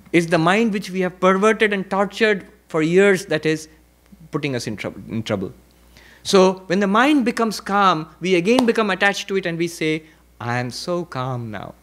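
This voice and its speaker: Monk lecturer, moderately high male voice, reflective, emphatic pauses and repetition. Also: fairly bright tone. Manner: reflective teaching with repetition and rhetorical questions; varies pitch and pace for emphasis. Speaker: monk and spiritual teacher. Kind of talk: spiritual lecture at a retreat.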